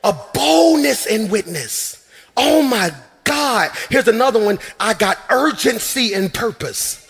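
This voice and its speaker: A man preaching to a church, his voice high and ringing. He shouts lines out, then drops into quick, playful asides with laughter. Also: expressive, husky. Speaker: pastor. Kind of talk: sermon. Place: church sanctuary.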